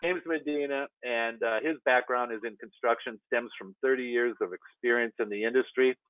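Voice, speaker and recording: A man's voice: mid-range voice, steady tone, normal speed, dry recording. A man hosts a trade webinar, introducing the speakers with friendly, rambling asides. His voice comes over a thin, phone-like line. The sound is dry, with no room around it. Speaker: webinar host. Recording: tinny phone-like audio, dry.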